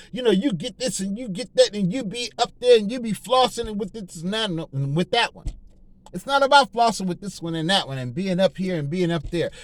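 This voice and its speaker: A man's voice: sits high, fairly bright tone, no echo. A man preaching informally and fervently, slangy and full of repeated phrases and restarts.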